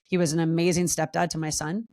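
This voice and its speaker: Animated storytelling woman, lowish voice. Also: fast talker. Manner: animated, acts out quoted voices with big pitch jumps. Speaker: podcast guest, wellness coach. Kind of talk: candid storytelling interview.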